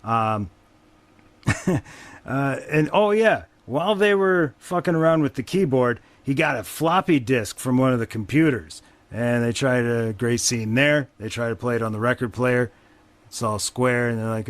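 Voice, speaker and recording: A man's voice: medium pitch, moderate pace, dry recording. A man hosting a podcast, casually recapping a movie plot in a wry, rambling way with frequent swearing. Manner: profane, wry, rambling with fillers. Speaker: podcast host.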